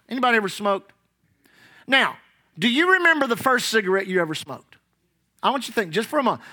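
Lively, bright-voiced preacher. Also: mid-range voice. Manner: rhetorical questions to the congregation; reads scripture aloud, then explains it. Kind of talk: sermon.

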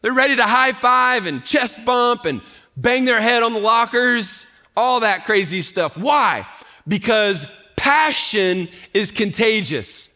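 A man's voice: very high-pitched, lively intonation, slow, bright, forceful tone. A man preaching a sermon as pastor, talking conversationally with rhetorical questions and repeated restarts.

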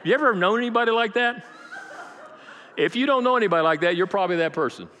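A man's voice: high-pitched, expressive, fast. Fervent male preacher in a reverberant church. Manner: dramatic storytelling with acted quotes, rising to loud peaks; joking asides to the congregation. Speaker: pastor. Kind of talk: sermon. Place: church sanctuary. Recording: long reverb of a large church.

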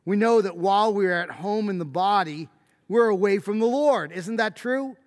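High-voiced preacher in a reverberant hall. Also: male voice, moderate pace. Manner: emphatic preaching, rising to shouted stresses. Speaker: pastor. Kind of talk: sermon.

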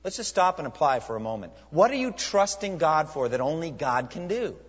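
A man preaching a sermon as pastor, emphatic, with rhetorical questions and dramatic pauses. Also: a little high, very animated. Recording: muffled recording in a reverberant hall.

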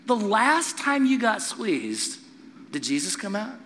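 A middle-aged man preaching a sermon to a congregation, telling stories and acting out voices in an animated way. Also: high-pitched, takes it slowly, big-room sound, a little hiss or hum. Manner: animated storytelling with acted-out voices. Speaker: pastor.

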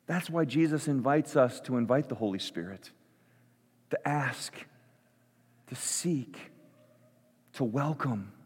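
A man preaching as pastor, slow and measured, his voice swelling for emphasis and dropping to a hush. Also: mid-range voice, breathy edge. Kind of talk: sermon with read-aloud prayer. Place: church sanctuary. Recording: long reverb of a large hall.

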